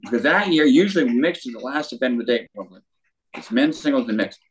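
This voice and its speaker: Older male guest, lively storyteller who acts out quotes, average pitch. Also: fast talker, slight background noise. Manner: animated storyteller with acted quotes. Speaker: guest, former tennis pro. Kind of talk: storytelling interview.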